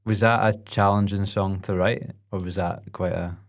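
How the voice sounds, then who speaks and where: Easygoing low-voiced podcast host. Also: male voice, fairly even intonation, normal speed. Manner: easygoing, laughs often, asks rambling questions. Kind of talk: casual interview chat.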